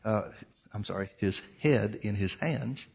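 A male preacher telling a story in a sermon, dramatic, swinging between loud outbursts and hushed near-whispers. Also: fairly low pitch, a little slow, vocal fry, breathy edge.

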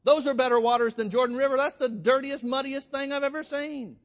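A man's voice: very high voice, fairly even intonation, a little fast, voice pushed up. A man preaching voices a proud foreign general ranting in outrage. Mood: indignant.

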